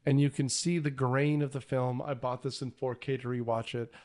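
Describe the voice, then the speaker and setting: A man's voice: medium pitch, steady tone, moderate pace, darkish tone. A man hosting a casual movie podcast, talking enthusiastically with frequent fillers and restarts. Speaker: podcast host.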